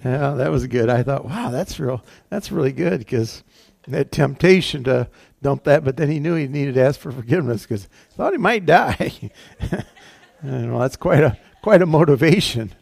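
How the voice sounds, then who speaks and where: A man's voice: mid-range voice, expressive, moderate pace, creaky, a little mellow, dry recording. A male pastor giving a conversational, folksy sermon in church, chuckling between points.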